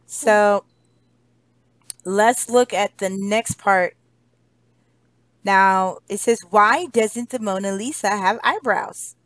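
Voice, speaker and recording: A woman's voice: medium pitch, slow pace, long pauses, fairly bright tone, dry recording. An American woman teaching English to a child online, cheerful and encouraging, laughing often. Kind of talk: one-on-one kids' lesson.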